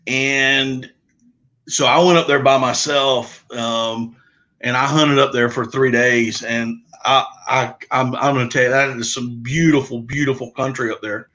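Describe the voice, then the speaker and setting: A man's voice: medium pitch, steady tone, unhurried, sharp tone, dull audio. A middle-aged man with a Southern US accent, telling hunting stories in an easygoing, rambling way on a casual outdoors livestream. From Southern United States. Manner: easygoing, rambling storyteller with many fillers. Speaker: podcast host.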